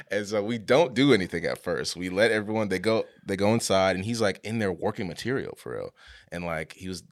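A man's voice: deep voice, fast talker, gravelly. Laid-back young man telling a story. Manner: animated, laughing storyteller with slang. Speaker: podcast co-host. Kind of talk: casual chat, storytelling.

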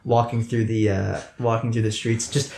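A man's voice: on the low side, flat delivery, normal speed, gravelly, a little mellow. A man acting as game master, narrating a tabletop game in a rambling way. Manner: rambling, restarting descriptions. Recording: echoey room with faint noise.

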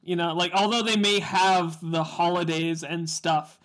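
Midwest guy on a podcast, slightly high voice, explains stuff, laughs. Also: fairly even intonation, measured pace, fairly bright tone. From American Midwest. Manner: chatty, explains and corrects, laughs. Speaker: podcast co-host. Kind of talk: casual chat.

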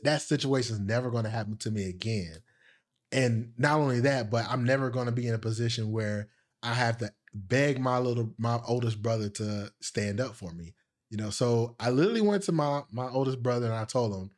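A young man hosting a podcast, telling a story in a rambling way full of fillers. He laughs at himself and raises his voice to act out the people he quotes. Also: darkish tone. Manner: acts out quoted voices higher. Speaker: podcast host. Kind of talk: casual storytelling.

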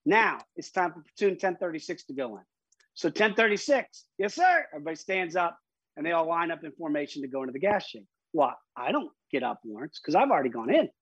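A man with a husky, somewhat raspy voice tells a personal story to an interviewer, emphatic and full of restarts. The recording is dry and a little dull. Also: on the high side, expressive, fast talker, fairly bright tone, dry recording. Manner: vivid, emphatic retelling with frequent restarts. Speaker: interview guest.

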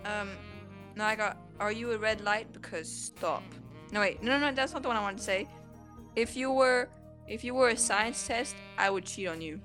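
A woman co-hosting a casual podcast, giggly, self-deprecating and quick to react. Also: mid-range voice, fairly bright tone, soft background music. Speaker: podcast co-host.

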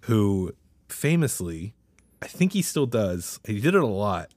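A man's voice: lowish voice, big pitch swings, measured pace, darkish tone, no room sound, clean studio sound. A man co-hosting a casual podcast, rambling and laughing as he retells a comedy sketch in quoted voices. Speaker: podcast co-host. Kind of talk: casual chat.

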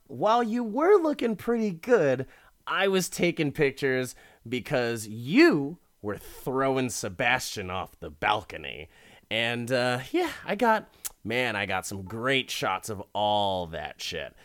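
A man's voice: a little high, clear, resonant tone, voice pushed up. Man doing a smug, creepy rich blackmailer.

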